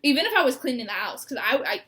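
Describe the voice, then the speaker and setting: Tearful young woman, high bright voice, rambling sit-down confession. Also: big pitch swings, very fast. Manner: rambling, laughing through tears. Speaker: co-host. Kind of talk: emotional personal sit-down talk. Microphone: mic.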